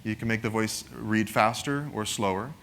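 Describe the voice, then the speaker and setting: A man's voice: lowish voice, normal speed, a bit bright, a little hiss or hum. A man giving a conversational technical product presentation, often adding "right?" to his points. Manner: conversational, frequent "right?" tag questions.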